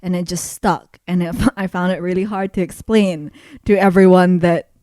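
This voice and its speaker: A woman from the UK with a lowish voice talks reflectively as a guest on a relaxed podcast. The sound is dry and close. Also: moderate pace, no echo. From United Kingdom. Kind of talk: casual podcast chat.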